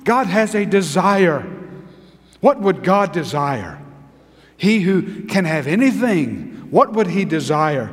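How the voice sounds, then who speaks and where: A man preaching a sermon as pastor, repeating key phrases for emphasis and dropping to a hushed tone. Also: sits high, big pitch swings, slow pace, in a large hall.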